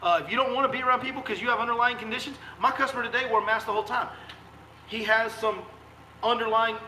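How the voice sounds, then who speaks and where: Guide, male, heated live-stream rant, high voice, echoey recording. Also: steady tone, fast talker, sharp tone, a little hiss or hum. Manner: fiery, emphatic, repeats rhetorical questions. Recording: echoey room sound.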